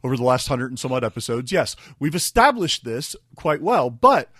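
A man's voice: medium pitch, sing-song, normal speed, a bit bright, slightly rough, no echo. Chatty man explaining tech, dry. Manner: chatty, explains step by step with many restarts. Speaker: radio show co-host. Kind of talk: casual tech radio chat.

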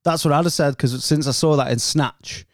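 A man's voice: a little high, moderate pace, dry recording, studio quality. A man co-hosting a casual podcast, full of sweary, teasing banter. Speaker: podcast co-host. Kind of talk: casual chat.

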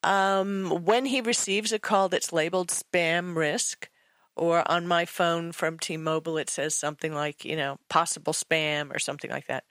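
A woman's voice: lowish voice, steady tone, normal speed, a bit bright, no echo. A woman co-hosting a tech radio show and telling stories in chatty, enthusiastic casual talk. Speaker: co-host and author.

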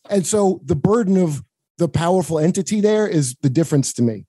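A man's voice: on the high side, expressive, brisk, dark tone, no echo. A man from the United States chatting casually on a podcast, swearing often, rambling with restarts and jokes. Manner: profane, rambling, joking, frequent restarts.

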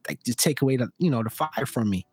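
A man hosting a casual talk podcast, telling stories and acting out loud quotes as he goes. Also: mid-range voice, quick pace, husky. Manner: animated storytelling with loud acted-out quotes. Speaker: podcast host. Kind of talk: casual conversation.

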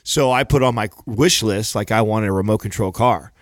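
A man's voice: lowish voice, moderate pace, dry recording, studio quality. A man in a casual podcast chat, teasing his friends and telling a story with plenty of swearing. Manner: joking, teasing, swears often.

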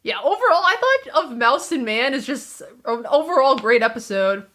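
A woman co-hosting a casual chat, lively and full of fillers, acting out quoted lines now and then. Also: high-pitched, moderate pace. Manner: animated, many fillers, acts out quoted lines. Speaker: podcast co-host.

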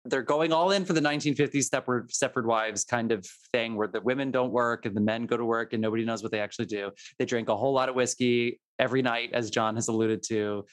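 A man's voice: medium pitch, steady tone, fast talker, hardly any pauses. A man hosting a casual podcast chat, rambling and restarting his sentences with laughing asides. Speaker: podcast host.

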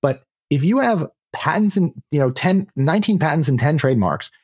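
A man's voice: a little high, animated, brisk, a little mellow, slightly rough, no echo, studio quality. A man co-hosting a business podcast, talking casually, with eager and blunt remarks. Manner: enthusiastic, blunt. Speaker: podcast co-host. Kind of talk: casual chat.

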